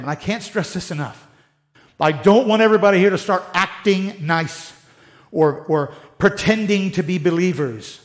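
An American man preaching a sermon in a conversational way, with sarcastic asides. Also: high voice. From United States. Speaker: pastor.

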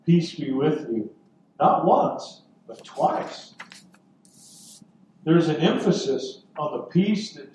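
A man preaching a sermon as pastor, earnest and deliberate, with dramatic pauses. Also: sits high, a little mellow, slight background noise. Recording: echoey room from far off.

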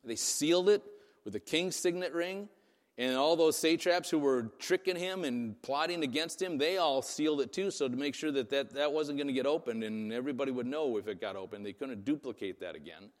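A man's voice: mid-range voice, fairly quick. Man preaching in a reverberant hall. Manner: conversational, asks "right?" often. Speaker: pastor. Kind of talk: sermon.

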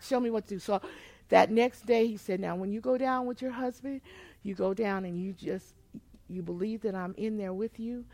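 A woman pastor shares a personal testimony during a sermon, shifting from quiet, hushed storytelling to loud, emotional outbursts. Her voice is mid-range, and the recording carries no room sound.

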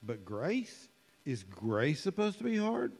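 A man preaching a conversational sermon in a church hall, musing and unhurried, with frequent fillers. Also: on the high side, huge pitch swings, gravelly, darkish tone, slightly rough. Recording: long hall reverb.

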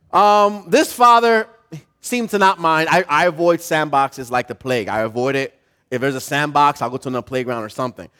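A pastor preaching a sermon, telling a story with animation and putting questions to the congregation. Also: male voice, a little high, fairly bright tone.

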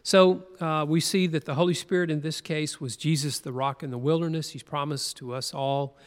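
A man leads a sermon from the pulpit in a fairly high voice. He reads scripture earnestly and draws out important words for weight. His voice rings through a church with a long, trailing echo. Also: fairly even intonation, normal speed. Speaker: preacher. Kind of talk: sermon, reading scripture aloud. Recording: long hall reverb.

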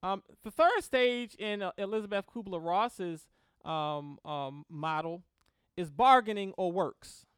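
A woman teaching a Christian class on grief in a lively, conversational way, often laughing and checking in with the class. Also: mid-range voice, measured pace, clear, resonant tone, no echo, clean studio sound. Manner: animated, laughs often, acts out prayers in quotes; checks in with "right?" and "okay?".

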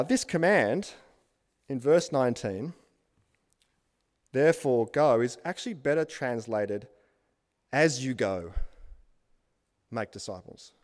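A man's voice: a little high, darkish tone, long reverb tail. A man preaching a sermon as pastor, building emphatic lists and asking the congregation questions.

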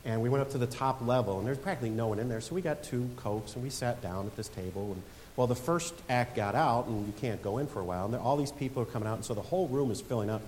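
A man's voice: medium pitch, quick pace, darkish tone. Preaching man in a reverberant church. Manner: storytelling, builds to emphatic preaching. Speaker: pastor. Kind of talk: sermon. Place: church sanctuary. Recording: long hall reverb with faint hiss.

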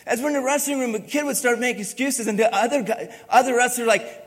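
High-voiced preaching man in a reverberant hall. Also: fast, few pauses. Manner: animated preaching, swings from loud bursts to hushed, intimate delivery. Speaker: pastor. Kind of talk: sermon.

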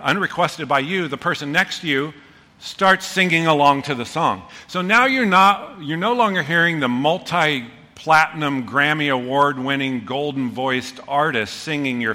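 Middle-aged male pastor, bright and forceful, lively storyteller, long hall reverb. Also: on the high side. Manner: animated storytelling with voiced quotes. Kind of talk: sermon. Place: church hall.

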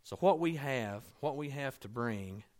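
A man preaching a sermon in a conversational, storytelling way, dropping to soft asides and rising to emphatic points. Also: mid-range voice, animated, a little slow. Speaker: pastor.

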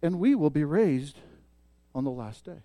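A man preaching a sermon as pastor, emphatic, swelling loud on key points and dropping soft. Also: fairly high pitch, lively intonation, unhurried, dry recording.

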